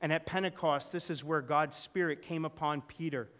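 An earnest man preaching a storytelling sermon, his voice sitting a bit high for a man. He swings from loud, pressing emphasis down to soft, close lows. The sound carries a long reverb from a church hall. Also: steady tone, moderate pace. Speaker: pastor.

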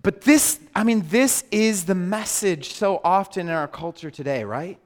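Guy preaching a sermon, high bright voice, big echoey hall, cracking jokes at the crowd. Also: unhurried, few pauses. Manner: animated, joking with the congregation. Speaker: pastor. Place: large church hall. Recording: hall reverb.

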